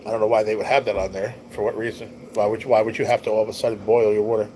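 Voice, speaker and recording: A man's voice: lowish voice, level tone, rapid-fire, mellow, a little hiss or hum, rough recording. A man hosting a casual livestream, chatting in an easygoing, rambling way and reading viewer comments aloud, his nose stuffy and his voice tiring. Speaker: livestream host.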